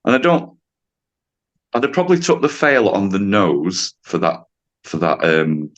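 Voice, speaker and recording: Deep low-voiced guy, late fifties, chatty storyteller on a podcast, does the voices, laughs a lot. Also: a little slow. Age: 50s. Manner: animated storyteller, acts out quotes, laughs often. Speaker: podcast guest, driving instructor. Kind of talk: casual storytelling.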